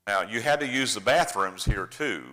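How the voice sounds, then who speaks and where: An older preacher with a very low voice that still comes across bright and forceful. He talks to the congregation in a folksy, chatty way, walking them through his slides like stories. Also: lively intonation, moderate pace. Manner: folksy, chatty storyteller addressing the room.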